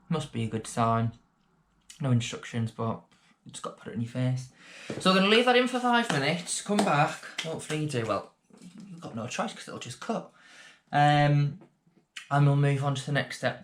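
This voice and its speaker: A man's voice: medium pitch, fairly bright tone. A man chatting casually through a beginner makeup tutorial vlog, rambling with self-deprecating asides. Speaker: beauty vlogger.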